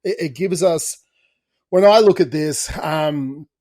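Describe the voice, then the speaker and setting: A man's voice: on the high side, slow pace, dark tone, no echo, clean studio sound. A man co-hosting a podcast as a coach, speaking in an encouraging, casual way. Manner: encouraging, says mate.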